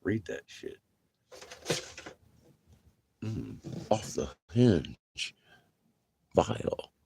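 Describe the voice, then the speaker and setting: A man's voice: low voice, big pitch swings, extremely slow, gravelly, warm tone, husky, dry recording. A man ranting profanely to his viewers in a rambling monologue, laughing between lines. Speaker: livestreamer.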